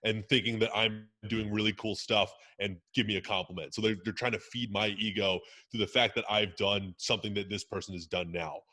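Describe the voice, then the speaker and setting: A man's voice: lowish voice, steady tone, brisk, few pauses, bright, forceful tone. A man chatting casually on a podcast, emphatic and swearing freely as he explains coaching. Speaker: strength coach guest.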